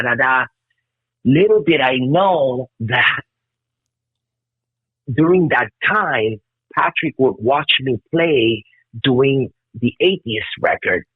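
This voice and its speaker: A man in his fifties from Cuba, telling stories as a guest musician in an excitable, rambling way, swearing a lot. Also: medium pitch, slightly rough, no echo. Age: 50s. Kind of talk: casual storytelling interview. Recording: tinny phone-like call line.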